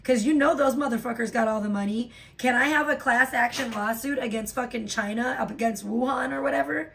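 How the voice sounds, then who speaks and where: A woman's voice: brisk, vocal fry, a little hiss or hum. Profane, ranting woman livestreamer. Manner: profane, ranting, swings from low tired talk to loud outbursts. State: recovering from a sore throat. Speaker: livestream host. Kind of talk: casual livestream chat reading donations.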